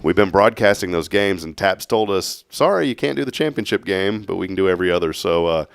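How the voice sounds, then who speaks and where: A man's voice: sits low, expressive, brisk, creaky, dry recording, clean studio sound. A man hosting a local morning talk show, chatting and joking with a guest. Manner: jokey, upbeat sign-offs. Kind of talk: casual chat.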